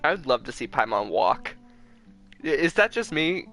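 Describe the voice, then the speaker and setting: A young man streaming a game, rambling excitedly with lots of fillers in casual commentary. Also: a little high, normal speed, music in the background.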